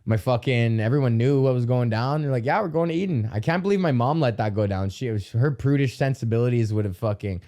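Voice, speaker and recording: A man's voice: medium pitch, fast, few pauses, warm tone. A young man from Alberta, Canada, hosting a podcast, telling stories in a profane, rambling comedic rant with yelps acting out pain. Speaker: podcast host.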